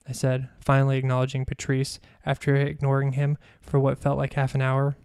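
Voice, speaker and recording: A man, a podcast host, reading his own memoir aloud in a measured, even storytelling manner. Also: medium pitch, clean tone, no echo, studio quality.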